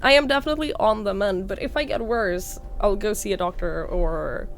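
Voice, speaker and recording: Sick with a sore throat, a young woman from Norway speaks hoarsely at a normal speed and medium pitch, with a slight Norwegian accent. She's chatting casually on a live stream and thanking viewers individually by name.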